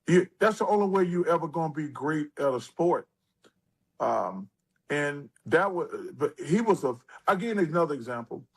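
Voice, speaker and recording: A man in his sixties, an interview guest, telling stories in a casual, animated way with lively asides. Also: fairly high pitch, moderate pace, breathy edge. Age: 60s.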